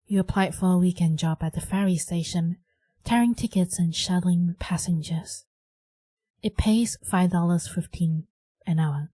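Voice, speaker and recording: A woman's voice: lowish voice, a little slow, breathy edge, dry recording, clean studio sound. A woman gaming streamer reacting bluntly while playing a story game and reading its narration aloud. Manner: reacts bluntly, expressive asides. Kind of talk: let's play commentary and reading game text.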